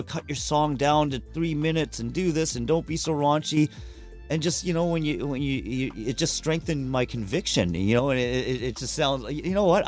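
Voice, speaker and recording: Casting note: male podcast guest, blunt and swearing, lively anecdotes, faint music underneath. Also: fairly high pitch. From Canada. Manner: candid, profane, animated storyteller who acts out quotes. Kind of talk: casual conversational storytelling.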